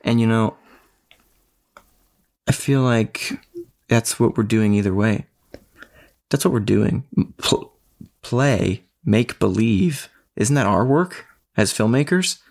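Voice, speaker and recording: Gravelly low-voiced man chatting. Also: slow, long pauses. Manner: animated storyteller, laughs often. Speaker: podcast co-host; filmmaker and parent. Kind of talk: casual conversation.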